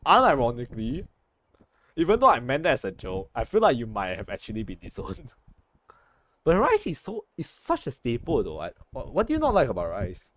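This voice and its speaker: Rambling, lively young man. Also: medium pitch, brisk, slight background noise. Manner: rambling, joking, self-correcting with many restarts. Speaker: gaming streamer. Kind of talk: casual gameplay chat.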